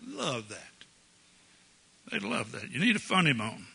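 Bright, husky older pastor. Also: male voice, a little high, very animated, measured pace. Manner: folksy, jovial, chuckles often. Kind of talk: sermon. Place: church sanctuary.

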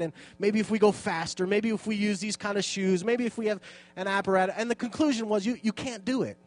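A man teaching a Bible passage in a casual, joking and self-deprecating way, reading scripture aloud between his remarks. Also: high-pitched.

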